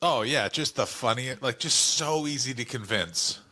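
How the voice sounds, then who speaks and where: A man's voice: medium pitch, lively intonation, moderate pace, pushed and bright. A male comedian co-hosting a podcast, telling stories animatedly with swearing and mock voices. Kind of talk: casual comedic chat.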